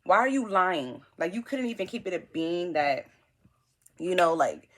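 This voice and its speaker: A woman's voice: fairly low pitch, moderate pace. Blunt young New woman. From New York. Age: young adult. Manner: animated, blunt, slangy storytelling with acted-out quotes. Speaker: vlogger. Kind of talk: storytime vlog.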